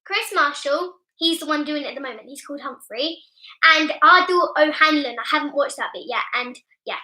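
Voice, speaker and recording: A young woman co-hosting a family quiz chatters excitedly and keeps jumping in. Her voice is high and bright. She is heard in an echoey room. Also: a little fast. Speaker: quiz co-host. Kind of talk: casual chat.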